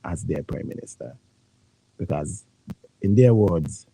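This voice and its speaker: Deep, dark-voiced Vincentian radio man. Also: expressive, measured pace, long pauses, breathy edge, dry recording, poor audio. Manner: hesitant, stumbles and repeats words. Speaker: radio talk show co-host. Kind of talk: morning talk radio chat.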